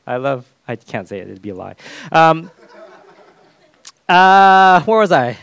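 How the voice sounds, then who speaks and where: A man's voice: a little high, big pitch swings, unhurried, vocal fry, pauses often, fairly bright tone, clean tone, dry recording. A man preaching a sermon as a pastor, conversational with self-deprecating humor.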